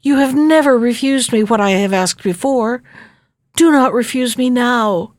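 A woman's voice: fairly high pitch, measured pace, dry recording, clean studio sound, lightly acted. A woman voicing a young princess who pleads and begs in an eager, tearful way. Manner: eager, imploring.

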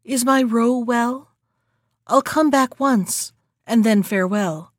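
Woman reading as ghostly young queen, gentle, sorrowful, slow soft delivery, dry close recording. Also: a little high, no room sound. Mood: mournful.

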